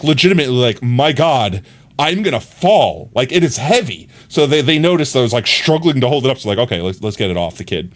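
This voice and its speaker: A man livestreaming a game, telling a rambling, animated story in casual chat with frequent laughs. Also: fairly high pitch.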